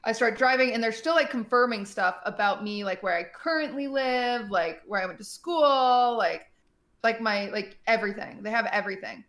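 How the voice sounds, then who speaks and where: A woman streamer in casual chat, telling a story in an animated way, full of fillers and acted-out quotes. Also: fairly high pitch, moderate pace.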